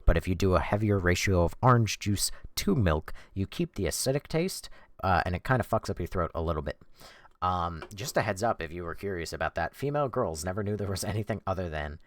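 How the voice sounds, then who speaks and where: A male streamer with a very low voice, talking loosely to his chat. He rambles and corrects himself as he goes. The sound is dry and close, with no room around it. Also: animated, fairly quick, no room sound. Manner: rambling, hesitant, with fillers and self-corrections. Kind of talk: casual livestream chat.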